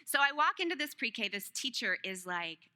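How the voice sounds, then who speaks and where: Woman preacher, bright lively delivery, self-mocking humor, conversational sermon. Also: fairly high pitch, moderate pace. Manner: self-deprecating, joking, laughs often. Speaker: speaker at a church service. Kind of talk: sermon with personal stories.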